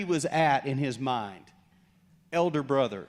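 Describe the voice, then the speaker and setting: Unhurried and medium in pitch, a male pastor delivers a playful sermon, joking with his congregation. He brings the story to life by acting out its characters and their lines.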